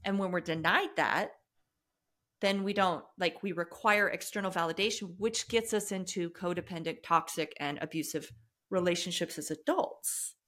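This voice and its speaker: A woman's voice: on the low side, moderate pace, a bit bright. A woman speaking as a podcast guest and trauma coach, earnest and reflective, often restarting her sentences in candid conversation.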